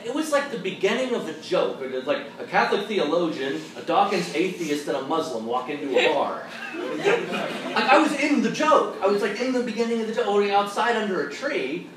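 A fairly high-voiced man tells lively, funny stories as a Catholic speaker, slipping into the voices of the people he quotes. He sounds far from the microphone, and the room echoes heavily around him. A steady noise runs underneath. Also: brisk. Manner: animated, humorous, acts out quoted people. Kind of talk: storytelling talk to a college audience. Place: large hall at a college. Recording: echoey room miked from afar with background noise.

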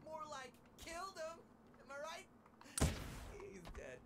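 A woman's voice: high-pitched, wildly swooping pitch, a little slow, heavily acted. A woman voicing an upbeat female AI combat companion in a game, tossing out encouraging quips. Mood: chipper. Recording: distant game audio under loud noise.

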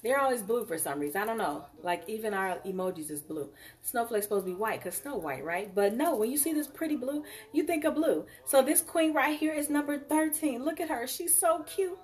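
A woman hosting a live jewelry sale, chatting casually and warmly addressing viewers as y'all and honey. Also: fairly high pitch, expressive, brisk, recorded from a distance.

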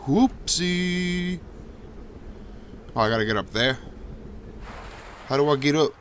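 A young man casually narrating his own gameplay, swearing often and breaking into high yelps when danger shows up. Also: brisk, fairly bright tone, slight background noise. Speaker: gameplay commentator. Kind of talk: casual let's-play commentary.

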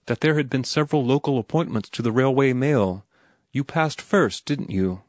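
A man's voice: medium pitch, moderate pace, no echo, studio quality, pitched above the performer's own voice, natural voice. A man voicing a prim, reproachful young woman in an audiobook, earnest and disapproving in how she questions. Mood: disappointed. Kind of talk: audiobook character reading.

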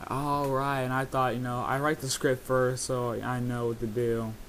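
Flat-voiced man rambling through a commentary. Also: medium pitch, normal speed, slight background noise. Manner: rambling, many hesitations and fillers. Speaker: video creator. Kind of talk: casual video commentary.

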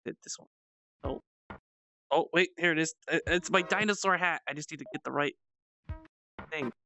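A streamer plays a game while giving relaxed, giggly commentary, laughing a lot, swearing offhandedly and squealing with sudden excitement. The voice is mid-pitched at a normal pace, with a bit of background hiss or hum.

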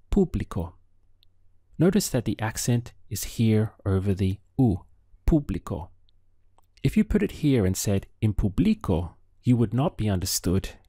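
Slow, careful male language teacher. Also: lowish voice, mellow, no echo, studio quality. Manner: slow, careful enunciation of phrases. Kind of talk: scripted language lesson.

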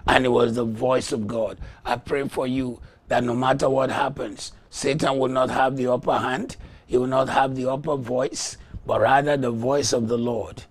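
A man preaching a sermon, slow and emphatic, rising to loud shouts when he acts out voices in a story. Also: mid-range voice, gravelly. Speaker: pastor.

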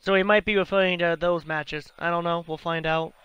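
Excitable high-voiced man commentating a game. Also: brisk, smooth, dry recording, muffled recording. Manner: excitable, profane, chatty. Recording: noisy home recording.

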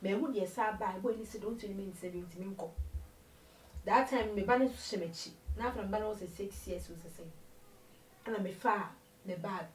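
A woman recounts her life story as an interview guest, her storytelling animated and moving between two languages. She sits well back from the mic in a roomy, echoing space. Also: medium pitch, fairly quick, recorded from a distance, a little hiss or hum. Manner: animated storytelling, mixing Twi and English.

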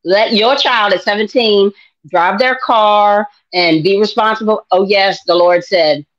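A middle-aged American woman sharing her faith testimony in an interview, animated and acting out dialogue in voices. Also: mid-range voice, a little slow, muffled recording. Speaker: guest.

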